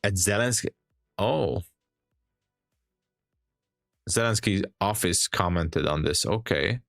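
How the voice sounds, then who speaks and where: Sleepy low-voiced male trading streamer. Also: expressive, slow, gravelly, a bit bright, no room sound, studio quality, soft background music. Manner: rambling, loose and chatty. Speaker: day trading livestream host. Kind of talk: casual live stream chat.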